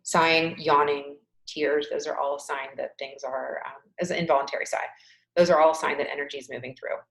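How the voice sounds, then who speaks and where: A woman's voice: sits low, fairly even intonation, brisk, vocal fry, a bit bright, roomy sound, rough recording. A woman coaching a group webinar through a tapping session, leading repeated affirmations in an emphatic voice and sighing along. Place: home, on a webinar. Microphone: video call webcam.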